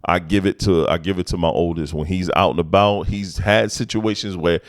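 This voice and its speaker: A man, co-hosting a casual chat and telling animated, laughing stories full of profanity. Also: low voice, brisk, no room sound, studio quality. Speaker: podcast co-host.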